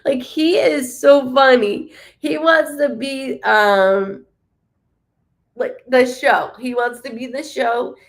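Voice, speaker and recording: A woman medium hosting a live-streamed reading, chatty and animated, rambling with many fillers, in a warm room with the window open. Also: high-pitched, takes it slowly. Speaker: psychic medium host.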